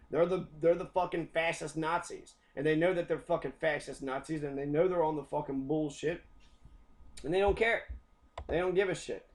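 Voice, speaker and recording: A young adult American man delivering a heated, profane rant, often repeating himself. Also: fairly high pitch. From United States. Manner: profane, heated, repetitive ranting. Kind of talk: angry rant.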